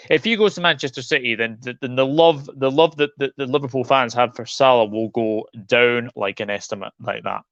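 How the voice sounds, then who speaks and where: A man's voice: medium pitch, a little fast, few pauses, fairly bright tone, dry recording, muffled recording. A man hosting a live football stream, ranting with frustration and often repeating himself and restarting sentences. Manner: frustrated, repetitive, stumbling restarts. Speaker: football channel host.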